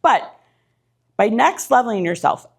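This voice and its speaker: Middle-aged woman, motivational speaker, slightly high voice, punchy and direct, short repeated lines to a live crowd. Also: big pitch swings, measured pace, gravelly, breathy edge. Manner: punchy, direct, repetitive lists. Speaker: keynote speaker. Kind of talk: motivational talk to a live audience. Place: event room with audience.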